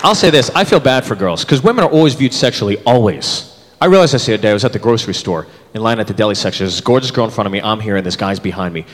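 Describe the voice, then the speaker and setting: A man in his thirties performing a stand-up comedy set, animated and jumping into character voices. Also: fairly low pitch, rapid-fire. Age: 30s. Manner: animated, switches into voices for bits. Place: comedy club stage with live audience. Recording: reverberant club, audience laughter, room noise.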